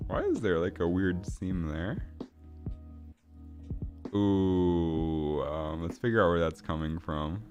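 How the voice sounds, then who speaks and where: A man's voice: low-pitched, lively intonation, slow, pauses often, a little mellow, dull audio, faint music behind. A man casually chatting with viewers while building a game, rambling, swearing and laughing. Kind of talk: casual livestream chat.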